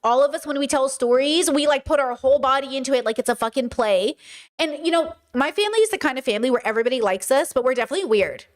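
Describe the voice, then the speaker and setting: Young woman host for a casual stream; chatty and animated, sits a little high, lapses into imitated voices. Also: fast talker. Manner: animated, chatty, often mimics voices mid-story. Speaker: livestream host. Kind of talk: casual livestream chat.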